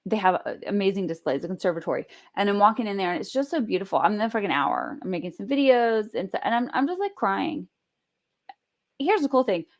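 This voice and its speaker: A woman talking to her camera at home in a casual vlog. She tells stories in an animated, chatty way and swears freely. Her voice has a middling pitch. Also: fast talker. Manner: animated, profane, chatty storytelling. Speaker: vlogger.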